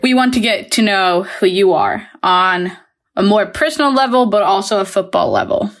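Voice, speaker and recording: A woman hosting a sports interview podcast, talking in an upbeat, friendly way. She reads out introductions smoothly at a middle pitch. Faint music sits underneath. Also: moderate pace. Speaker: podcast host.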